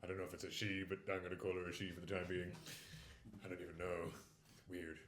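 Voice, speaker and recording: A man's voice: low-pitched, flat delivery, fast, a bit bright, roomy sound, a little hiss or hum. A man playing a tabletop game, joking around and giggling. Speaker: player. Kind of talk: casual tabletop game play.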